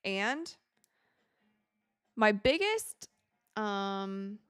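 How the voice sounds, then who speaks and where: A woman's voice: medium pitch, drawn-out words, smooth, no room sound, studio quality, soft background music. Chatty woman hosting a game watch party. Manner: chatty, reads viewer comments, excited outbursts at plays. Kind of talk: casual live-stream chat and game reactions.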